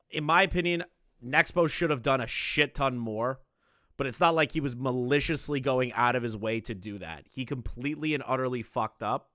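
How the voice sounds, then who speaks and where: A man reacting to clips with blunt, swearing commentary and frequent laughter. His voice sounds bright and forceful. It is dry and close, with no room sound. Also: mid-range voice, no echo. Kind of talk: casual profane commentary.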